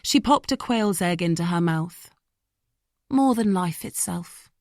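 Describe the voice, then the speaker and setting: A woman reading an audiobook in scripted narration, steady and measured, in a dry booth. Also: fairly low pitch, no room sound.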